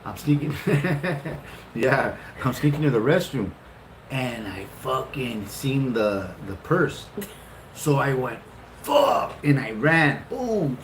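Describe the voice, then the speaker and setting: A middle-aged man casually telling a long, funny story, swearing freely and jumping up in pitch for retold lines. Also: takes it slowly, a little hiss or hum. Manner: animated, profane, laughing often, jumps into high-pitched retellings. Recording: roomy echo.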